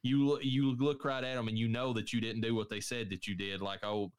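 A man's voice: mid-range voice, steady tone, brisk, clear, resonant tone. A man in casual chat giving rambling, reflective opinions.

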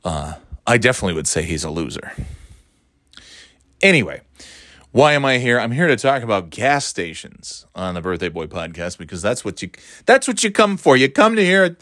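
A man's voice: medium pitch, sing-song, moderate pace, a bit bright, no room sound, clean studio sound. A man from the northeastern United States hosting a solo podcast, rambling and ranting with sarcasm and plenty of swearing. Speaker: podcast host. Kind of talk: casual solo podcast monologue.

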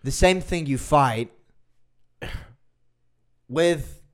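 A man's voice: on the high side, extremely slow. Sarcastic man hosting a podcast. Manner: sarcastic, mocking asides. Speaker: podcast host. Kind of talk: casual chat.

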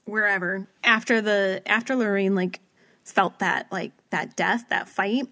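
A woman's voice: medium pitch, fairly even intonation, a little slow, pushed and bright. A woman in casual conversation, rambling through a long story, with lots of "like" and quotes acted out as she goes. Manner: rambling storyteller, heavy use of "like", acts out quotes. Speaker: podcast co-host recapping a paranormal TV episode. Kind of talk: casual chat.

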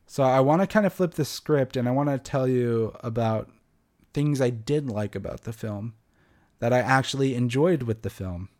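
A man's voice: medium pitch, moderate pace, darkish tone. A young man hosting a podcast, giving a blunt, sarcastic film review and swearing freely. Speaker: podcast host. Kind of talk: casual film review monologue.

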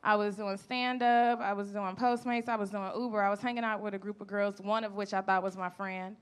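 A woman's voice: mid-range voice, flat delivery, brisk, smooth. A woman doing a stand-up comedy set, telling stories in a brash, profane, conversational way on a club stage. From Chicago. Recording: live comedy club with audience laughter. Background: audience laughter and room murmur.

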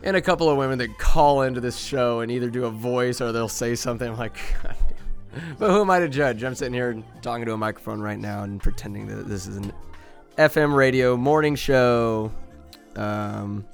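Dude from norcal doing a rambly crude comedy podcast, laughs a lot. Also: male voice, medium pitch, quick pace, gravelly, hardly any pauses, faint music behind. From Northern California. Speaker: podcast host.

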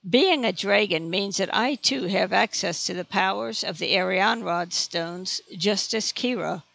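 A huge female dragon speaks in a cold, measured, matter-of-fact way, voiced by an audiobook narrator. The voice is gravelly and sits at a middle pitch. The sound is dry and close. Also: pushed and bright, no room sound, full character voice. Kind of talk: audiobook reading.

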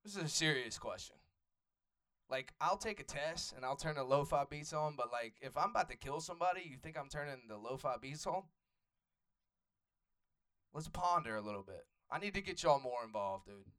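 Profane Atlanta stand-up comic. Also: male voice, a little high, expressive, moderate pace, fairly bright tone. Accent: Atlanta Southern US. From Atlanta, USA. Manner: loose, profane, riffs with the audience. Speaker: stand-up comedian. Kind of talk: stand-up crowd work. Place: comedy club stage.

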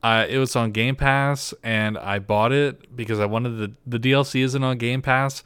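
A man's voice: medium pitch, fairly even intonation, normal speed, a bit bright, smooth, no echo. A man co-hosting a podcast in casual chat, rambling and teasing his co-host.

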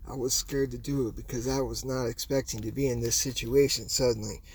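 A man narrating a personal anecdote in a low-key, quiet storytelling voice. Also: steady tone, a little fast, slightly rough.

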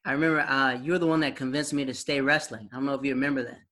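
Bright-voiced man telling rambling stories. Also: medium pitch, steady tone, racing. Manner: rambling storyteller, lots of "like", laughs often. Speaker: partner sharing memories. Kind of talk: casual chat.

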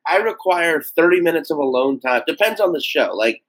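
A young adult man talks through a casual podcast chat as a comedian guest. He is animated and swears freely, and he leaps into high mock voices for quotes. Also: a little fast, rough recording.

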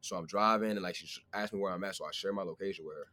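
A young man telling stories in casual podcast banter, slangy and swearing freely, animated. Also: deep voice, racing. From not from where the show is recorded. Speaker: podcast co-host, guest.

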